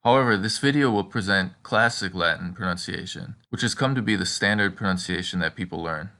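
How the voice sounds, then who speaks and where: A man teaching in a measured instructional voice, slowly modeling example words. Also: deep voice, sharp tone. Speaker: language teacher. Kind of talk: instructional narration.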